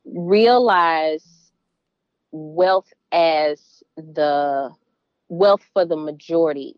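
A woman's voice: sits low, dry recording, highs cut off. A middle-aged woman with a Southern US accent, a guest in a casual interview, speaking earnestly and emphatically. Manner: earnest, emphatic, warm laughs.

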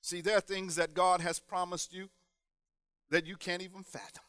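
High, bright-voiced man preaching a sermon. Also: level tone, normal speed, clean tone, no room sound. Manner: rhythmic preaching, rising to shouted emphasis.

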